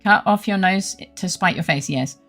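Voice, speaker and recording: A woman's voice: mid-range voice, normal speed, fairly bright tone, soft background music. A young adult woman streaming a game, chatting casually with her live chat; playful and giggly, and she swears freely.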